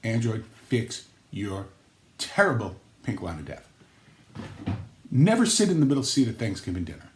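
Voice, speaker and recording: A man hosting a comedic vlog, rambling through jokes and acting out quoted lines with sudden jumps in pitch. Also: wildly swooping pitch, normal speed, pauses often, echoey room. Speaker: sports vlog host.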